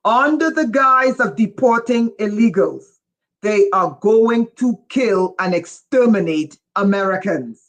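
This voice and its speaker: A livestream host reading viewer chat, who gets excited and raises their voice, often breaking off with "whoa" and asking listeners whether they follow. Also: medium pitch, unhurried. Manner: breaks off with repeated "whoa" and "wait". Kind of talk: casual livestream talk to viewers.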